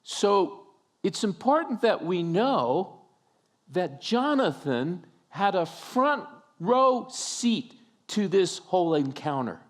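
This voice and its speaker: A man's voice: high-pitched, sing-song, slow. A male pastor preaching a sermon, telling a story with humorous asides and acting out the scenes.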